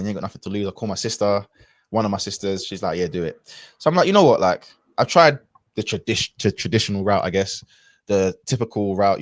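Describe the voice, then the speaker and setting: A man's voice: sits low, no echo, studio quality. A man, a podcast guest telling a personal story in a casual, reflective way with lots of fillers and restarts.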